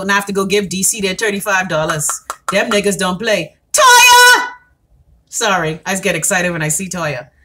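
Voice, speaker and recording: A woman's voice: a little high, pushed and bright. A woman with a Bahamian accent hosting a casual live-stream wellness tutorial, talking bluntly, swearing freely and answering viewers' comments as she goes. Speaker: wellness vlogger.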